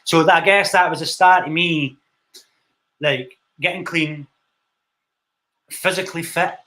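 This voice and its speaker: A man's voice: fairly high pitch, fairly even intonation, a little slow, pushed and bright. A young Scottish man, a film director, telling his story in a casual interview, blunt and swearing freely. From Scotland. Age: young adult.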